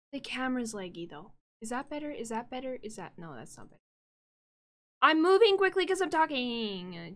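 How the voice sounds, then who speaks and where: A woman livestreamer chatting casually and directly to her viewers, flustered and talking things through out loud. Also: medium pitch. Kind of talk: casual live-stream chat.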